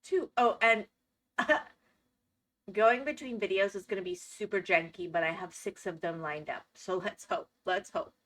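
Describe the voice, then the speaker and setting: A woman's voice: medium pitch, moderate pace, fairly bright tone. A woman streaming live, chatting playfully and laughing as she reacts to videos. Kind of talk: casual live-stream chat.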